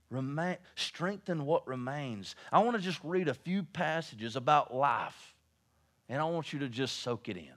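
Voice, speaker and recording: Preacher with swinging dynamics. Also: male voice, on the high side, animated, a little slow. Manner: storytelling, swings from hushed to loud preaching. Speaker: pastor. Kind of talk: sermon.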